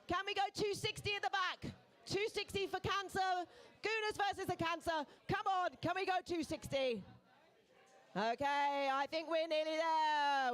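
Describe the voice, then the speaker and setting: In a pub's event room, a high-voiced, bright-sounding woman runs a live charity auction, crisply announcing bids while playfully cajoling and ribbing the people bidding.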